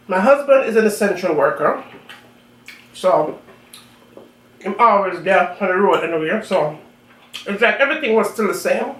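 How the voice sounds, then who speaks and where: A woman from Jamaica with a strong Jamaican accent, chatting casually with viewers while she eats on her cooking channel. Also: mid-range voice. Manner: chatty, talks between bites. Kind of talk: casual chat while eating. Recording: roomy echo, mic at a distance, faint room noise.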